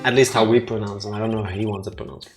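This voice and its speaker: Very low-voiced woman joking over a game. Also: steady tone, racing. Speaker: let's play host. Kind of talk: casual gaming banter. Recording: game music behind.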